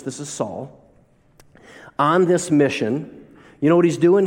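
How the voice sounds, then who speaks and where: A man's voice: fairly high pitch, a little mellow. A man preaching a sermon as a pastor, telling stories and asking the listeners rhetorical questions. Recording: long reverb of a large hall.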